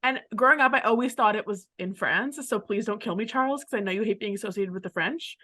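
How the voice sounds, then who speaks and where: A woman's voice: medium pitch, fast, sharp tone. A young woman from Canada co-hosting a podcast in casual, rambling chat, leaning hard on "like". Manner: rambling, chatty, heavy use of "like". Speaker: podcast co-host.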